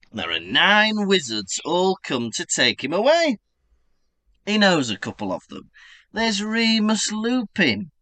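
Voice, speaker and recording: Bright, lively man recapping wryly. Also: a little high, no echo. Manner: wry, teasing, playful summarizer. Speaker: podcast co-host. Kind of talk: casual chat and chapter recap.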